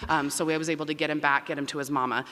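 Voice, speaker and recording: A loud, energetic woman dean speaks quickly from a stage microphone. Her voice is bright and forceful, and it rings out with a long reverb across a big auditorium. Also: low-pitched. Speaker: dean of students. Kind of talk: welcome speech to families. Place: large performing arts auditorium.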